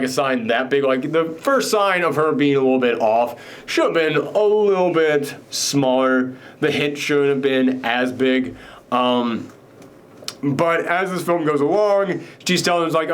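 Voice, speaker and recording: A man's voice: mid-range voice, measured pace. Rambling man recapping a film. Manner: rambling, filler-heavy, animated. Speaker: film reviewer host.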